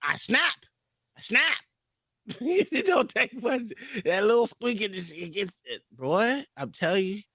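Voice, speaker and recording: Animated, profane man telling a story. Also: sits high, measured pace, no echo, studio quality. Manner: animated, profane, acts out heated quotes. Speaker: podcast co-host. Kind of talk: casual storytelling chat.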